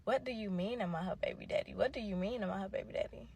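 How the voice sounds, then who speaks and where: A woman's voice: mid-range voice, fast talker, a little mellow, breathy edge. Woman doing a nervous cheating boyfriend. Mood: defensive. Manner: defensive, evasive. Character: nervous young man caught cheating.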